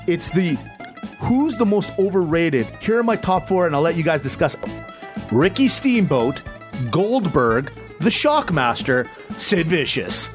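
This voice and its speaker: A man's voice: a little high, very animated, unhurried, soft background music. A man co-hosting a wrestling chat show, playful and emphatic as he throws out questions to the others. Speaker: co-host. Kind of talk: casual sports chat.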